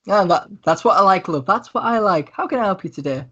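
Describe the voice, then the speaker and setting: A woman's voice: mid-range voice, expressive, brisk, bright, forceful tone, slightly rough, pitched above the performer's own voice. A man voicing a chatty, friendly human witch of about forty who calls people love, on a dull lo-fi recording.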